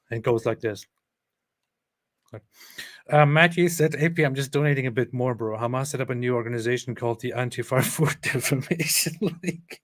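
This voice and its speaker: A man's voice: medium pitch, fairly quick, no echo. Sarcastic, chuckling male stream host. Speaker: live-stream host reading chat. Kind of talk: casual live-stream commentary.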